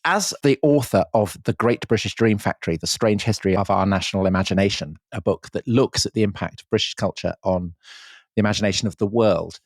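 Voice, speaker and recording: A man's voice: fairly low pitch, fairly quick, no room sound. A man co-hosting a podcast in casual chat, setting up questions for his guest in an inquisitive way. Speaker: podcast co-host.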